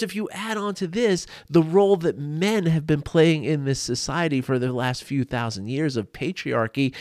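A man's voice: a little high, darkish tone, no echo, clean studio sound. A man hosting a podcast from his desk, talking earnestly and informally, often restarting and repeating words as he goes. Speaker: podcast host. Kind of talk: casual solo talk on men's mental health. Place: home desk.

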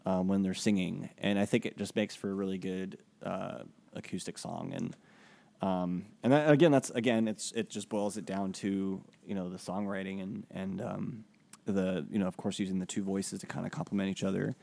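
A man's voice: sits low, fairly even intonation, moderate pace, creaky, a little mellow. A man co-hosting a podcast, talking casually and hesitantly with many fillers. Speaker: podcast co-host. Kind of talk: casual chat.

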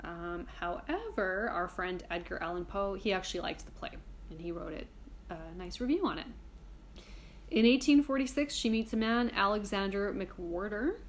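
A woman's voice: mid-range voice, lively intonation, moderate pace, a little hiss or hum. A woman hosting a casual history podcast, chatty and irreverent, swearing casually while reading from her notes. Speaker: podcast host.

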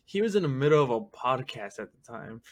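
A man's voice: mid-range voice, big pitch swings, a little fast. A man who is a friend of the podcast host, telling a story in casual chat, often laughing and acting out what people said. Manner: laughing storyteller, acts out quotes.

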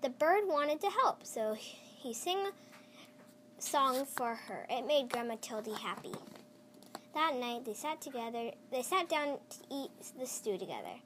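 A child reading a picture book aloud, slowly and with small stumbles and restarts. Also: sits high, lively intonation, fairly bright tone, a little hiss or hum. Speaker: storyteller.

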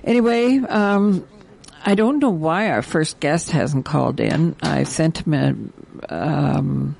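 Slow, gravelly older woman. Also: low voice, darkish tone. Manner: halting, many fillers and restarts. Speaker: community radio host. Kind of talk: casual radio chat and announcements.

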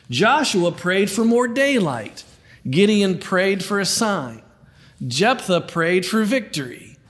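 A man delivers a sermon in a playful, conversational manner. He often repeats words as he builds toward a point, and his voice sits notably high for a man. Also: fairly bright tone. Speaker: pastor.

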